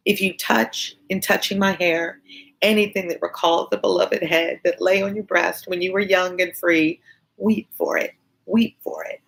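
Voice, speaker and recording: A woman voicing a gentle, devoted young woman who tenderly pleads with her father. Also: fairly low pitch, gravelly, pitched above the performer's own voice, poor audio. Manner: tender, pleading, repetitive appeals.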